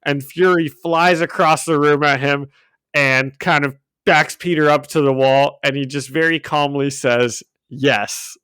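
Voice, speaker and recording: Casual male podcast co-host, rambling recap, smooth clear voice, dry close sound. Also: fairly high pitch, fairly even intonation, unhurried, fairly bright tone, no echo. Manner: laughing, rambling with fillers and restarts. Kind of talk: casual chat. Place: home room. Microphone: home microphone.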